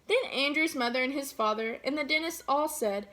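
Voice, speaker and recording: A woman teacher reading a picture book aloud to children, pausing to ask gentle questions. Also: high-pitched.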